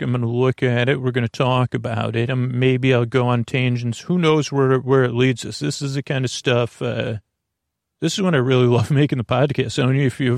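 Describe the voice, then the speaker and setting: A man's voice: mid-range voice, vocal fry, dry recording, studio quality. A middle-aged man hosting a podcast, talking in a meandering, digressive way with many restarts and asides. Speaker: podcast host. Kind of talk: rambling, meandering podcast monologue.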